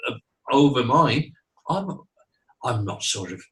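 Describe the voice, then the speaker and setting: A man's voice: medium pitch, big pitch swings, takes it slowly, a bit bright, far from the mic, slight background noise, low-quality recording. A middle-aged man who teaches mediumship, talking earnestly in a casual interview, repeating himself and saying "you know" a lot.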